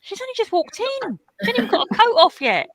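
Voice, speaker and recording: A woman's voice: very high-pitched, very animated, fast, fairly bright tone, dry recording, poor audio. A woman hosting a live colouring stream, telling chatty anecdotes in casual talk. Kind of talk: casual chat.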